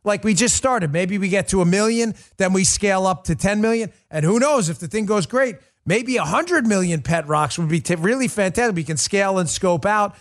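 A man's voice: sits high, brisk, few pauses. A man hosting a political podcast, delivering an emphatic, indignant commentary monologue that repeats its points.

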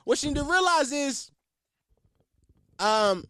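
A man's voice: extremely high pitch, expressive, slow pace, sharp tone, no room sound, clean studio sound. A man hosting a podcast, ranting in a brash, profane, boastful way. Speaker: podcast host. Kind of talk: casual comedic rant.

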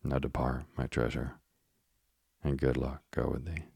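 A man's voice: rumbling low, level tone, unhurried, gravelly, darkish tone, breathy edge, no room sound, studio quality, heavily acted. A man voicing a doting old witch woman in an audiobook, speaking in fond, archaic phrasing.

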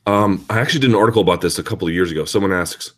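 A male host of a live chat show, talking casually and answering viewer questions in an animated, ranting, sarcastic way. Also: low-pitched, racing.

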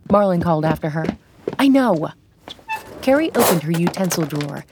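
A woman narrating an audio drama in a steady storytelling manner. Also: on the low side, background noise. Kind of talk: scripted narration.

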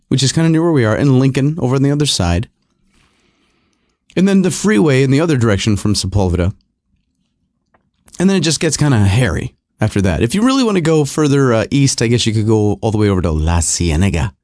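A man's voice: on the low side, sing-song, fast talker, darkish tone, dry recording, clean studio sound. A middle-aged man hosting his own podcast from his garage, rambling through a wry, self-deprecating casual monologue. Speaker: podcast host. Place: home garage.

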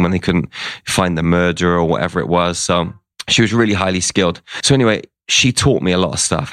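A low-voiced man with a gravelly edge, speaking as an interview guest. He tells a story casually and acts out the words of the people in it. The sound is dry and close. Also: fairly bright tone, no room sound.

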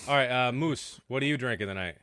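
A man's voice: medium pitch, quick pace, bright, forceful tone, clear, resonant tone, no room sound, clean studio sound. A man hosting a casual basketball postgame show, loose and swearing as he runs the panel. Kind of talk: casual podcast chat.

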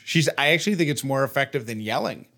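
A man co-hosting a podcast in casual chat, animated and playfully mimicking others as he tells stories. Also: medium pitch, quick pace, vocal fry. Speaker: podcast co-host.

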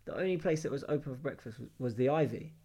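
A man with a London accent, co-hosting a podcast, telling animated, slangy travel stories in casual chat. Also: medium pitch, fast talker, breathy edge. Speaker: podcast co-host.

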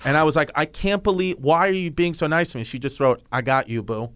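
A man's voice: a little high, brisk, a bit bright, smooth, no room sound. A man hosting a podcast in casual, profane, gushing chat with his co-host.

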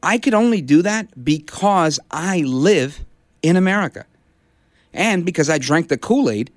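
Impassioned talk radio host, lively pitch. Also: male voice, unhurried, no room sound, clean studio sound. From Brooklyn, New York. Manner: impassioned, rallying. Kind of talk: conservative talk radio monologue. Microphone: studio broadcast mic.

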